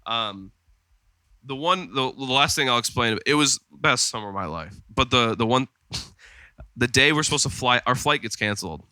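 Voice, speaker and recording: A man's voice: mid-range voice, expressive, moderate pace, bright, forceful tone, clear, resonant tone, no echo. A man co-hosting a podcast in casual chat, rambling through stories with lots of fillers. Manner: rambling storyteller with many fillers. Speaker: podcast co-host. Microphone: studio podcast mic.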